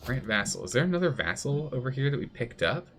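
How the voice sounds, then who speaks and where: A man's voice: medium pitch, very animated, fast, fairly bright tone, soft background music. A man streaming a strategy game live, chatty, thinking aloud and answering chat as he plays. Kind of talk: live gameplay commentary.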